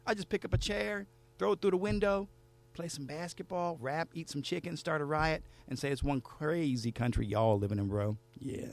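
A man's voice: on the high side, normal speed, gravelly, a little hiss or hum. A man who is a spoken word poet, telling a story in a rhythmic, theatrical way in a radio studio.

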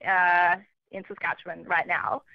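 A woman, calling in as a travelling correspondent for a casual radio chat. She is chatty and relaxed, laughs often and pokes fun at herself. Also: fairly low pitch, a little slow, gravelly, no room sound. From Australia. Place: calling in from far away. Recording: dull lo-fi phone line.

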